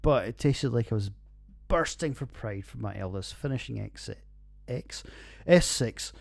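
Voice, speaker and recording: A Scottish man in his forties talks through a casual podcast review, rambling and swearing freely and laughing at his own jokes. His voice sits at a middle pitch. It is recorded dry and close on a home computer. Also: lively intonation, a little slow, gravelly, dry recording. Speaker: podcast host. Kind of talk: casual beer review monologue.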